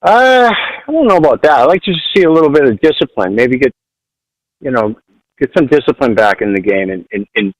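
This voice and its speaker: A man's voice: mid-range voice, very animated, a little fast, no room sound, poor audio. A man phoning into a show from his car in traffic, talking bluntly and rambling with a lot of swearing. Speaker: caller. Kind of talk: casual call-in chat.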